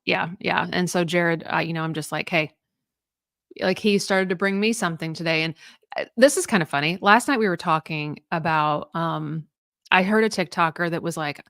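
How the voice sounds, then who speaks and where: Speaking at a moderate pace with a fairly low pitch and fairly bright tone, this thirty-something woman rambles through casual podcast chat as a co-host, full of fillers and false starts. The studio-quality recording has no echo.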